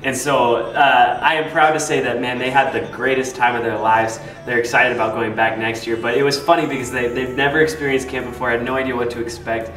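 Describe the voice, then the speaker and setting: A man's voice: mid-range voice, fairly even intonation, brisk, hardly any pauses, a bit bright. A young adult man, a youth pastor, retelling funny camp moments casually with lots of fillers and laughs. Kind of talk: casual storytelling to camera. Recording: roomy, distant, faint music.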